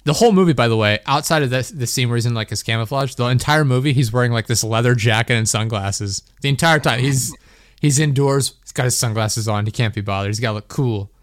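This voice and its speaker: A man's voice: mid-range voice, quick pace, dry recording, clean studio sound. A young man hosting a podcast, telling a story in a rambling, laughing way, full of "like". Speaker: podcast host. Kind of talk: casual chat.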